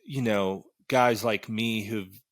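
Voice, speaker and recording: A man hosting a podcast, talking in an animated, emphatic way and swearing casually. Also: on the low side, slow pace, no echo, clean studio sound. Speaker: podcast host.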